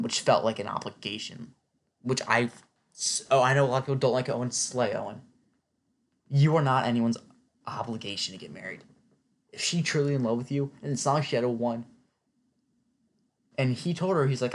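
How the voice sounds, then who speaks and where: Man, casual chatty recap voice, mid-pitched, opinionated, lots of "like". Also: brisk, long pauses. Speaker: TV recap vlogger.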